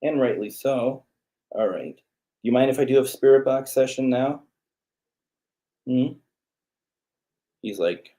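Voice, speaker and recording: A man's voice: mid-range voice, lively intonation, slow pace, long pauses, dark tone. A man hosting a live spirit box session, chatting casually while calling out to spirits and talking to his cat. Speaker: host.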